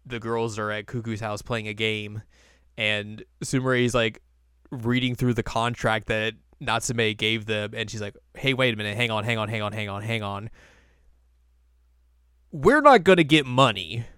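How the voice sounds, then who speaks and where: A man's voice: fairly low pitch, little pitch movement, moderate pace, bright, forceful tone, clean tone, no echo, clean studio sound. A young man hosting a podcast, casually recapping an episode and acting out lines in silly voices. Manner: chatty, acts out quotes in silly voices. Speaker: podcast host.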